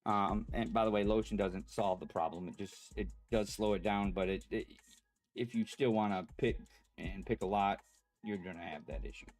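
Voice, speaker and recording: A man telling a personal story in a halting, rambling way, pausing as the emotions come back. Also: lowish voice. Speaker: vlogger.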